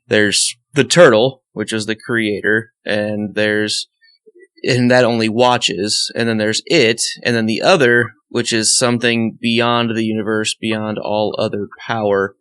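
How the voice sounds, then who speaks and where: A man co-hosting a podcast as a first-time reader, chatting casually, animated, laughing often and acting out quoted lines with some swearing. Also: fairly low pitch, a little slow, clear, resonant tone.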